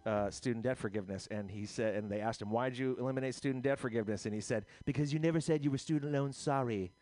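A man's voice: medium pitch, a little mellow. A man hosting a loose comedy radio show, rambling through jokes and bits. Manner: rambling, jokey, slips into silly voices.

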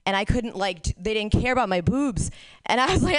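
A woman's voice: on the high side, animated, a little fast. A woman doing a stand-up set, telling crude stories candidly and laughing at her own jokes. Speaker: stand-up comic.

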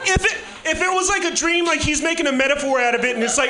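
A man in his late twenties with a very high, sharply bright voice delivers a loose stand-up comedy monologue. He rambles from one thought to the next, swears freely and chuckles at his own jokes. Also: expressive, quick pace, hardly any pauses. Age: 20s.

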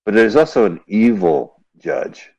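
A man with a lowish, husky, darkish voice talks unhurriedly in a sing-song way, riffing with his co-host on an old silent film. Between wry jokes he explains what's happening on screen, and the audio comes from a dull lo-fi radio stream.

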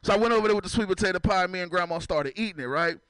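A man's voice: high-pitched, racing, a bit bright, smooth, no echo, rough recording. A man from San Francisco doing a stand-up comedy set, talking loosely and profanely and teasing the crowd. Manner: loose, profane, chatty, teases the audience. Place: comedy club.

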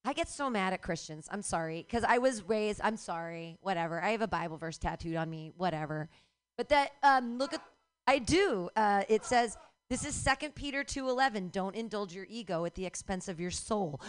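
A woman's voice: medium pitch, normal speed, clear, resonant tone. Profane ranting middle-aged woman comic. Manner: profane, ranting, bursts into shouts. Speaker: stand-up comedian. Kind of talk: stand-up comedy set.

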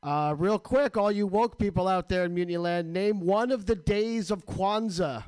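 A man's voice: sits high, animated, a little slow, hardly any pauses, darkish tone, clear, resonant tone, dry recording. A man hosting a radio show, ranting with crude, sarcastic comedy in a studio.

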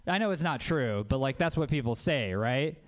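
A man's voice: medium pitch, animated, normal speed. A man from Louisiana doing a stand-up comedy set on a club stage, dry and self-mocking, with crude asides.

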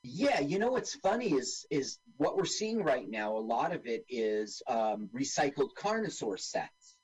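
A man's voice: mid-range voice, unhurried, breathy edge, low-quality recording. A man co-hosting a radio talk show, chatting casually and joking while narrating what is on screen. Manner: animated, jokey, narrates on-screen action. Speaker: podcast co-host. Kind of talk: casual chat watching a film.

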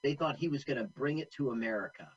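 A man's voice: medium pitch, expressive, fast talker, slightly rough, lo-fi sound. A man co-hosting a casual movie commentary, chatty and full of film trivia. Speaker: co-host.

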